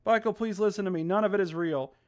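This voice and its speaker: A streamer reading aloud the lines of a calm, wise young woman from a story game, in a soft, measured voice. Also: mid-range voice, lightly acted.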